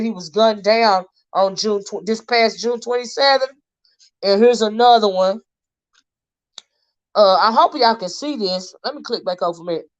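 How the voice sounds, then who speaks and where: A woman hosting a casual livestream commentary, talking straight to her viewers. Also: on the high side. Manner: chatty, talks straight to viewers, halting restarts while reading posts aloud. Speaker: livestream host. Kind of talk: casual commentary on a crime case. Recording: slightly dull lo-fi stream audio.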